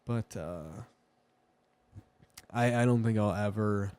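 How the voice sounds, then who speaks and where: A man's voice: on the low side, takes it slowly, a little mellow, clean tone, dry recording. A man rambling through a crude, joking, meandering casual monologue as a vlogger.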